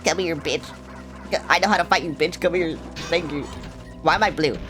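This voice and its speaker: A woman's voice: low voice, a little fast, music in the background. A woman streamer giving live gameplay commentary, chatty and sarcastic, with frequent swearing and asides to herself.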